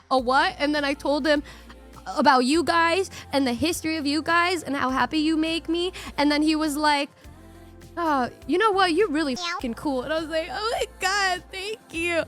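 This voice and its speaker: A young woman with a high voice tells her viewers a long, casual story. She rambles, swears freely and acts out what everyone said. Faint music plays softly behind her. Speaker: VTuber streamer.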